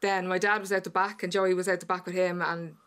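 Halting Irish woman, flat low voice. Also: clear, resonant tone. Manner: halting, with many fillers and restarts. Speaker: guest. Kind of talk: emotional interview conversation.

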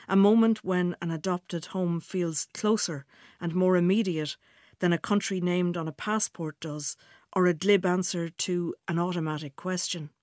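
A woman's voice: on the low side, a little mellow, no room sound, clean studio sound. An Irish woman presenting a radio feature, asking questions and narrating thoughtful scripted passages. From Ireland.

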